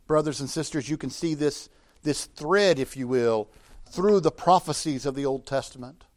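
A man preaching a sermon as pastor, rising to emphatic declarations and dropping low and soft at the ends of phrases.

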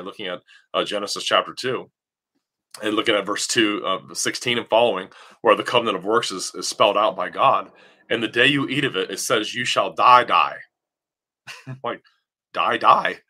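Male pastor, sermon delivery, bright piercing tone, emphatic question-and-answer style. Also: medium pitch. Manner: emphatic, rising to near-shouts on key points; asks questions then answers them.

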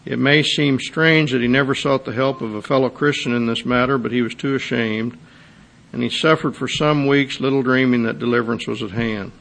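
A man's voice: medium pitch, steady tone, a little fast, creaky, a bit bright. A man preaching a sermon, reading a testimony aloud and then expounding on it with rising intensity. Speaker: pastor.

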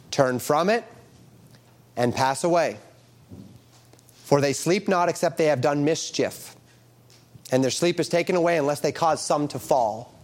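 A man preaching a sermon, reading King James scripture aloud and explaining it verse by verse with emphatic rises and drops. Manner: emphatic, lively rises and drops in pitch and volume.

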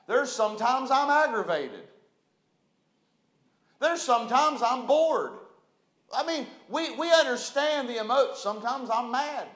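A man, a pastor preaching a sermon to a responding congregation, swelling from quiet talk into loud bursts. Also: very high voice. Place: church sanctuary. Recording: echoey church room.

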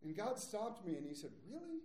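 A man in his forties delivers a sermon with a lively, swooping delivery, his voice mellow and slightly higher than most men's. He talks casually, as if chatting with the congregation, and acts out little quotes along the way. The sound rings around an echoey church hall. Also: moderate pace. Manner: conversational storytelling with acted quotes. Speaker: pastor. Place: church sanctuary.

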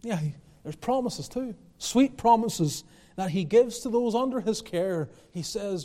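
Man preaching, high voice, emphatic repetition, long church-hall reverb. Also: lively intonation, measured pace, warm tone. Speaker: pastor. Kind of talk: sermon.

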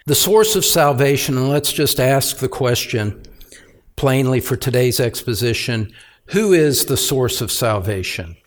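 A man preaching an expository sermon as pastor, speaking deliberately and with emphatic repetition. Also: medium pitch.

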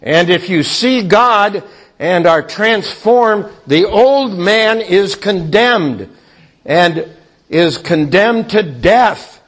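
A man preaching a sermon slowly and deliberately, with frequent hesitant pauses. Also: high-pitched, expressive, a bit bright. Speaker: pastor.

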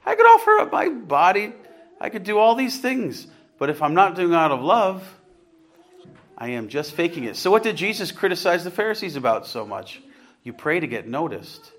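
A man's voice: a little high, sing-song, normal speed, fairly bright tone. A man preaching an earnest, conversational sermon, rising to emphatic points and putting questions to his congregation. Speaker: pastor.

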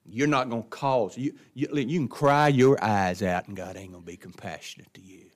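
A man's voice: fairly low pitch, moderate pace. A man teaching an adult Bible class, speaking in a folksy, emphatic way with chuckles and repeated words. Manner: folksy, emphatic preaching with laughs and repetitions. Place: church classroom.

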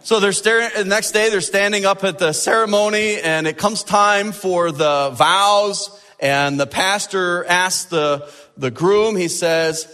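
A male pastor preaching a sermon in an animated way, stretching out key words for emphasis. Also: high voice, measured pace, clear, resonant tone, long reverb tail.

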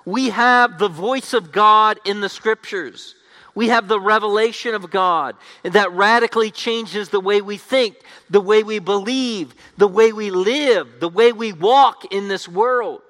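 High, bright-voiced man preaching in a reverberant hall. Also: unhurried. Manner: emphatic, restating each point in repeated phrases. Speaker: pastor. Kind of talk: expository sermon. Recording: long reverb of a large hall.

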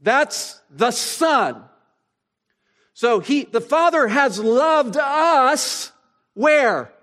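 High-voiced, slow-preaching male pastor. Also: big pitch swings, a bit bright. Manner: expository preaching, rhetorical questions, dramatic pauses; slows down to stress key phrases. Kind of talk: sermon.

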